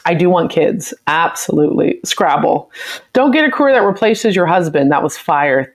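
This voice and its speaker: A woman's voice: fairly low pitch, sing-song, measured pace. An American woman hosting a live stream, reading viewer comments aloud and reacting to them in a chatty, opinionated way. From United States. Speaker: livestream host.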